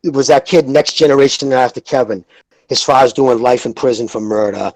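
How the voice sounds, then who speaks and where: A man, hosting a podcast and telling rambling, profane stories in a casual, animated way. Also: medium pitch, a little fast, no room sound, poor audio. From Lowell, Massachusetts. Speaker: podcast host. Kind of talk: casual chat, storytelling.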